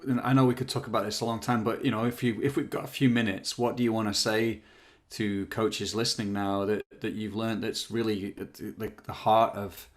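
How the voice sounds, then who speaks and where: A man hosting a podcast interview, asking tentative, hedging questions with restarts. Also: lowish voice. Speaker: podcast host.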